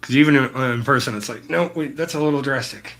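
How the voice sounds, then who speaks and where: He's a fast talker with a medium-pitched, somewhat bright voice. While painting on stream, he rambles easily, swears freely and addresses his viewers by name.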